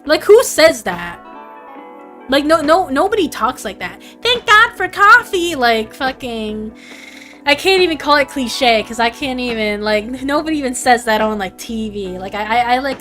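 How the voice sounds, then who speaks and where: A woman's voice: on the high side, expressive, moderate pace, soft background music. A young woman streamer chatting casually and rambling with fillers and giggles. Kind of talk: casual livestream chat.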